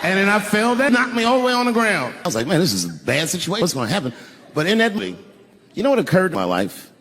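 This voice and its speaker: A man's voice: sits high, fast talker. A man doing stand-up, telling a story with profanity and acting out the scenes. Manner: animated, profane, acts out scenes. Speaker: stand-up comedian.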